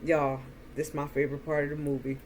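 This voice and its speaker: A woman slowly retelling a movie's plot in a chatty way, acting out the characters' lines. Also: low-pitched, flat delivery, darkish tone, a little hiss or hum. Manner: slow, chatty retelling with quoted dialogue. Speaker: movie reviewer. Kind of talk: casual movie recap.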